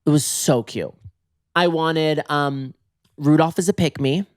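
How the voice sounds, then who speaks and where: A man hosting a podcast, telling a comedic story on his own in a casual, animated way, swearing freely and putting on exaggerated pitch jumps for quoted people. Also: unhurried, no echo, studio quality. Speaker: podcast host.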